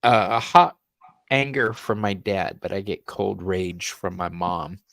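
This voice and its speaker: A man hosting a tarot reading interview on a live stream, effusive and animated, laughing often. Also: deep voice, measured pace, vocal fry, no room sound. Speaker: tarot reader and host.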